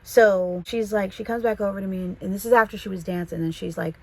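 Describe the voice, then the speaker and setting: A woman from the San Fernando Valley with a Californian accent, telling a casual storytime vlog in a chatty, animated way. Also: mid-range voice, fast, creaky, rough recording. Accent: Californian English. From Los Angeles, the Valley. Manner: chatty, animated, quotes people in voices.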